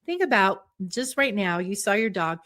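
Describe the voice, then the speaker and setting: Animated woman psychologist explaining. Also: medium pitch, normal speed. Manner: animated, acts out little voices and examples. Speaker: psychologist guest. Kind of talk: explanatory interview talk.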